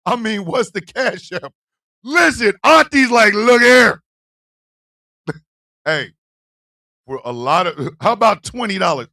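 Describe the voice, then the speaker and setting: Animated, bright-voiced livestream host man. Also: high voice, measured pace, pauses often. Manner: animated, loud, profane banter with frequent laughter. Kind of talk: casual livestream talk, reacting to chat.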